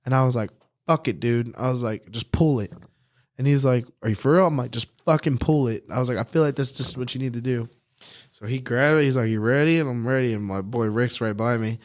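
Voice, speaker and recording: A man's voice: medium pitch, fairly quick. A young man hosting a podcast, telling casual stories full of swearing and laughter. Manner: swearing storyteller, laughs often. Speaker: podcast host. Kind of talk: casual chat.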